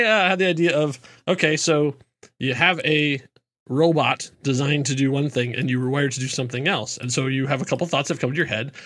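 A man's voice: on the high side, a bit bright. A man co-hosting a casual movie podcast, rambling through restarts and laughing often. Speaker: podcast co-host.

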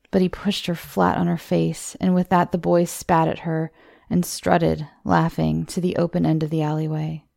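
A woman hosting a horror story show, reading the tale in a measured, scripted way. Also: on the low side, creaky, warm tone, no echo, studio quality. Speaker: horror story narrator, podcast host.

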